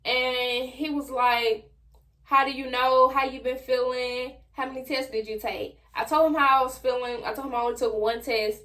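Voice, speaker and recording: Young woman, storytime vlog, casual slangy chat, animated delivery, bright sharp tone. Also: high voice, normal speed. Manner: animated, slangy, talks straight to viewers. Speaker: vlogger.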